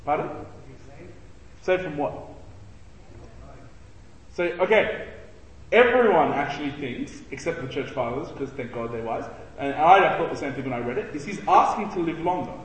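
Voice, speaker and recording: High-voiced man teaching in an echoey hall. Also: moderate pace, pauses often, distant mic. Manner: animated, acts out quotes, jokes with the group. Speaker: church youth teacher. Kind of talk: casual Bible study teaching. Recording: echoey hall with long reverb.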